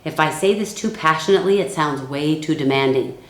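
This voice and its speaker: A woman giving a calm training lesson for network marketing builders. She acts out the sales lines she uses. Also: sits low, brisk, roomy sound.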